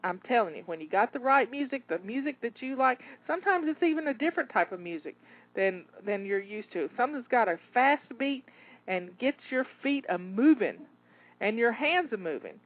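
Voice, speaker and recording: A woman's voice: fairly high pitch, sing-song, fairly quick, no room sound. A woman, cheering listeners through a timed cleaning session, a little out of breath. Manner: upbeat, encouraging, talks listener through tasks. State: slightly out of breath. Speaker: home organizing coach. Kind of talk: live timed cleaning coaching. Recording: tinny phone-like line, dry.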